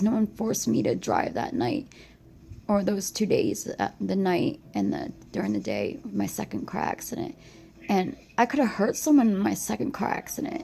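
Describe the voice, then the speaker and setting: A woman crying as she records a halting, rambling confessional monologue on her phone. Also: mid-range voice, creaky, dark tone, rough recording. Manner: halting, rambling, repeats herself. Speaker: vlogger.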